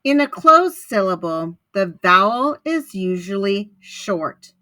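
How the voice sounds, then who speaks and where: A woman teacher giving a recorded lesson in a clear, deliberate instructional manner. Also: medium pitch, very animated, sharp tone, no echo.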